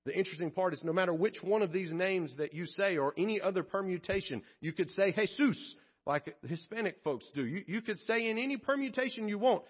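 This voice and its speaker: A man's voice: high-pitched, fast talker, hardly any pauses, slightly rough, muffled recording. A male pastor preaching a sermon at a church worship service, earnest and conversational, with frequent restarts and asides.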